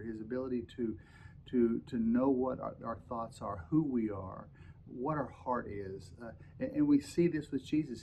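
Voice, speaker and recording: A man's voice: mid-range voice, darkish tone, slight background noise, poor audio. A man teaching an adult Bible class, reading scripture aloud and explaining it with many restarts and repeated words. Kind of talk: Sunday school lesson with scripture reading.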